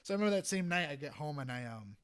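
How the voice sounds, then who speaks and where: Animated young man telling a story. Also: on the high side, rapid-fire, smooth. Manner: animated, rambling, laughs often, many "you know" fillers. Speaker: guest, freelance trumpet player. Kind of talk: casual storytelling in a podcast interview.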